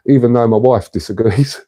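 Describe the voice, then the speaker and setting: Male streamer, relaxed warm voice, casual chatty host. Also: medium pitch, a little slow, slightly rough. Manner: chatty, matey, reads and answers comments. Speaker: livestream host. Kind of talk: casual livestream chat with viewers.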